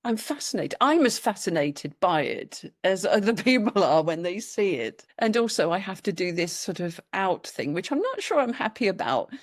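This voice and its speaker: A middle-aged British woman, a podcast guest and author, telling her story in a casual interview with lively, acted-out quotes. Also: medium pitch, normal speed, few pauses, dry recording, studio quality. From Britain. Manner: animated storytelling, acts out quoted voices.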